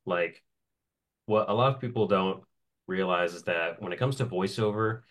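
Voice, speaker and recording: A man's voice: sits low, normal speed. Laughing, easygoing male voice actor. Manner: animated, laughs often between phrases. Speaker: voice actor guest. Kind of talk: casual interview storytelling.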